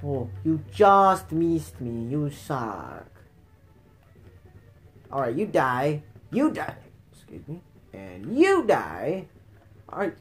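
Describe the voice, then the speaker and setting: A woman's voice: sits low, very animated, slow, long pauses, faint music behind. A woman giving let's play commentary, taunting enemies and shrieking in frustration at the game. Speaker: gamer playing retro games.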